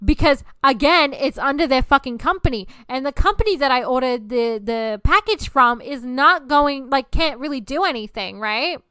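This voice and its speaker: A woman hosting a podcast, ranting in a heated, foul-mouthed, emphatic way. Her voice sits high and sounds bright and sharp, recorded dry with no room sound. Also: normal speed, hardly any pauses, smooth, no echo. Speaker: podcast host. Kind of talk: ranting monologue.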